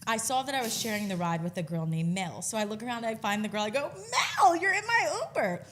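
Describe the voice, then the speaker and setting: A young woman co-hosting a podcast, chatting casually and teasing with lively energy. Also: medium pitch, quick pace, noisy background. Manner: lively, jumps in to tease. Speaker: podcast co-host. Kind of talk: casual chat.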